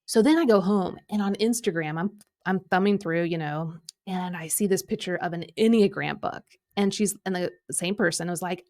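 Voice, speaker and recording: Animated woman telling a personal story. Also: on the low side, fairly quick. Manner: animated, acts out quoted speech, filler-heavy. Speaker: podcast host and Enneagram coach. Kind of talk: coaching conversation, personal storytelling.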